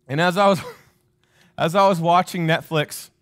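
A man's voice: on the high side, fairly even intonation, measured pace, a bit bright, no room sound, studio quality. A man preaching a sermon to his church, talking casually and telling stories straight to the congregation. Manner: conversational, storytelling, addresses congregation directly. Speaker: pastor.

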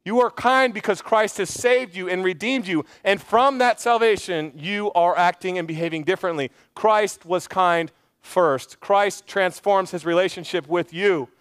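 A man preaching to his congregation from a church stage, earnest and conversational, tossing in quick asides and repeating his key phrases. His voice sits high for a man and comes through smooth and resonant. The sound is dry and close. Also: a bit bright, no room sound. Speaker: pastor. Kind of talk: sermon.

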